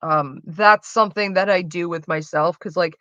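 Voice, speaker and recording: A woman's voice: on the low side, normal speed, fairly bright tone, dry recording, dull audio. A woman livestreaming, answering her chat in a frank, chatty way and swearing freely. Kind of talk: casual chat.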